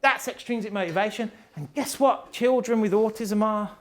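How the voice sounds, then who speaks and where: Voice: mid-range voice, moderate pace. A parent with a British accent giving a live talk to an audience on autism and behaviour, chatty and blunt, laughing often and swearing casually. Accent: British English. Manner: chatty, jokey, laughs often, acts out quotes.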